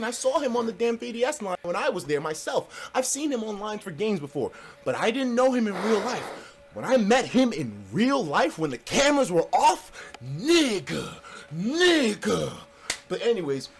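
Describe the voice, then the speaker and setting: Heated, animated man telling a story. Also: very high voice. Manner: profane, emphatic, heated. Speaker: vlogger.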